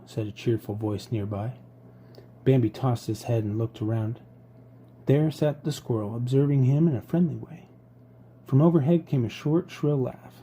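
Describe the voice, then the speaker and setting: A man reading a novel aloud in a measured, unhurried way. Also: mid-range voice, dark tone, breathy edge. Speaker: audiobook reader.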